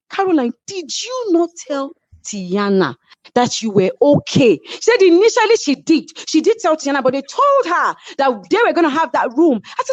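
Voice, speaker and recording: High, lively Nigerian woman, heated storyteller. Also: moderate pace, no echo. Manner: animated, heated, mixes in Yoruba phrases. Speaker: reality show cast member. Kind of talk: casual storytelling chat. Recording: slightly muffled lo-fi sound.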